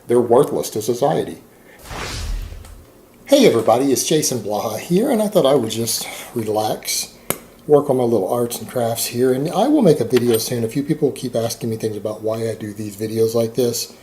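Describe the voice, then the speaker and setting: A man's voice: mid-range voice, lively intonation, moderate pace, warm tone, slight background noise. A man speaking to camera in a rambling, defensive monologue, sarcastic and full of fillers. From Texas. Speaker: fitness YouTuber.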